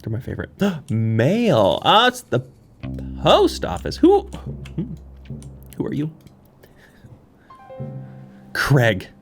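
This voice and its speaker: A gaming YouTuber playing through a cozy game and chatting along in a playful, giggly way. The voice swings hugely in pitch, from squeals to mutters. Light game music plays faintly behind. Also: wildly swooping pitch, takes it slowly, long pauses. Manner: playful and giggly, cooing at critters. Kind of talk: let's play commentary.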